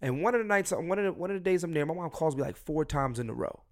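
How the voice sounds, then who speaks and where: A young man hosting a solo podcast, blunt and swearing freely, his voice swinging between loud and quiet. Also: a little high, lively intonation, fast talker. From Philadelphia. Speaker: podcast host.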